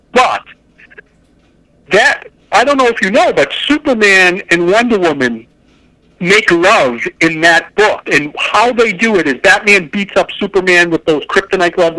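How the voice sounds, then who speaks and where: A man's voice: high voice, pushed and bright, no room sound, low-quality recording. A man chatting casually about comics, enthusiastic and rambling, often correcting himself mid-sentence. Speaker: podcast co-host.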